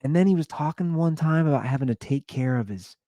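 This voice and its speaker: A man hosting a podcast, telling comic neighborhood stories in an animated way, laughing and acting out the people he quotes. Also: on the high side, a little fast, no room sound, clean studio sound. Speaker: podcast host. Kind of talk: comedic storytelling rant.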